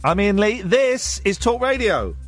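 A man's voice: high-pitched, sing-song, a little slow, loud music behind the voice. A man in his forties hosting late-night talk radio, rambling wryly and mocking himself. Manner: wry, rambling, self-mocking. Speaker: radio talk show host. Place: radio studio.

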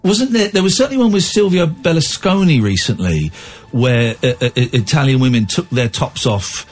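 A man's voice: mid-range voice, expressive, moderate pace. A man hosting a radio phone-in, thinking aloud with many restarts. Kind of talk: casual radio talk.

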